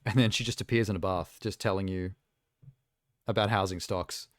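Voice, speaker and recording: A man's voice: deep voice, steady tone, normal speed, no echo, clean studio sound. A young man live streaming, chatting casually and rambling with self-amused asides while reacting to trailers.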